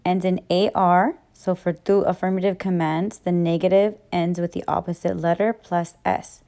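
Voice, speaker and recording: A woman's voice: fairly low pitch, level tone, moderate pace, gravelly, warm tone. A woman teaching Spanish grammar in a recorded lesson, patiently walking through each rule one step at a time.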